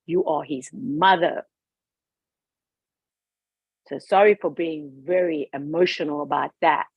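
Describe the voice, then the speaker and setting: A woman's voice: low-pitched, fairly even intonation, a little slow, husky, dry recording. A woman guest talking with passion, emphatic and outspoken about her views. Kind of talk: passionate personal talk. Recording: dull lo-fi recording.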